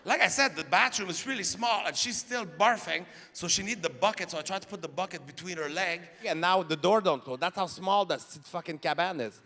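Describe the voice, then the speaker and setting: A man doing live stand-up storytelling, animated and profane, laughing through his lines. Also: high voice, a little fast, hardly any pauses. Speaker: stand-up comedian. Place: live comedy stage. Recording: reverberant venue, faint crowd noise.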